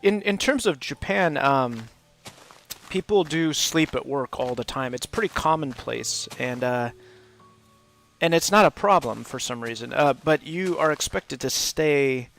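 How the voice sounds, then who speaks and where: Gravelly, chatty man streaming a game. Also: mid-range voice, expressive, unhurried, a bit bright. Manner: rambling, chatty, laughs often, many fillers like "like". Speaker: livestream host, English teacher. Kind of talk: casual chat while gaming.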